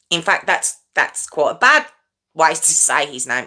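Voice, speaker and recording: A woman's voice: low-pitched, big pitch swings, moderate pace, sharp tone. A middle-aged woman hosting a true crime livestream, chatting casually and stumbling over her words as she corrects herself. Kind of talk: rambling casual live chat.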